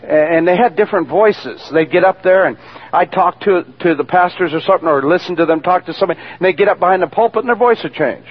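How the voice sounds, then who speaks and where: A man's voice: high voice, fast talker. A man giving a spoken testimony in a preacher's storytelling manner, acting out the voices of the people he quotes. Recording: dull lo-fi radio recording.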